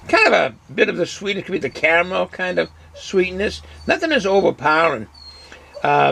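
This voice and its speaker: A man casually reviewing a beer on his vlog, relaxed and rambling, with lots of ums and uhs. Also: on the high side, gravelly. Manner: relaxed, rambling, many fillers; chews and hums while eating.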